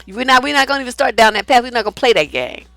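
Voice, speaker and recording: A middle-aged woman talks like a relationship coach, blunt, animated and profane. Her voice sits a little high. The sound is dry and close, with no room around it. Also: very fast, dry recording. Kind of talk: casual storytelling monologue.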